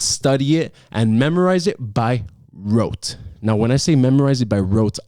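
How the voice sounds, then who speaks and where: A young man talks straight to the camera with lively emphasis, hammering his points home by repeating them. His voice sits in an ordinary middle range. It sounds close and dry, with no room sound. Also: medium pitch, no echo. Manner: energetic, emphatic, repeats key phrases. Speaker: acting coach vlogger. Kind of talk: casual advice talk to camera.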